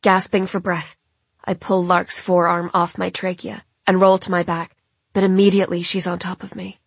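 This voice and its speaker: Female audiobook narrator, husky and breathy, dry close sound. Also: on the low side, flat delivery, dry recording. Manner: measured, dramatic storytelling. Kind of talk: first-person novel narration.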